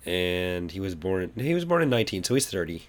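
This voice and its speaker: A man with a lowish voice, talking casually as a podcast co-host. He hedges his opinions and leans on fillers. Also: sing-song, fast. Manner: hedging, filler-heavy talk. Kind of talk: casual chat.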